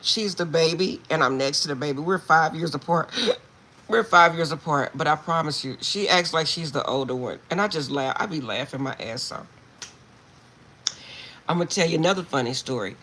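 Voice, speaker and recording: A woman's voice: low-pitched, moderate pace, fairly bright tone, slight background noise. A middle-aged woman card reader chatting casually with viewers, laughing often as she tells a story, recorded at home on a phone. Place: at home, indoors.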